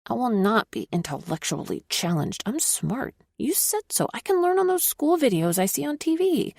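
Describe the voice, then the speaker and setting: A woman's voice: extremely high pitch, lively intonation, measured pace, creaky, a little mellow, dry recording, clean studio sound, voice pushed up, exaggerated voice. Woman doing a stubborn little first-grade girl. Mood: protesting. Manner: pouty, mumbling.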